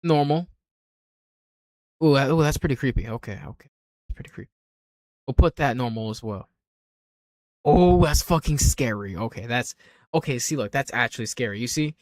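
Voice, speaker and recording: A man's voice: medium pitch, lively intonation, normal speed, pauses often, a little mellow, no echo, studio quality. Blunt, offhand male streamer. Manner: blunt, offhand, swears freely. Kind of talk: casual livestream commentary.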